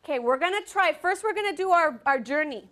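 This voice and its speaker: Here a woman with a high voice teaches children to dance in a classroom, speaking fairly quickly. She sounds lively as she cheers the kids along and counts the rhythm out loud.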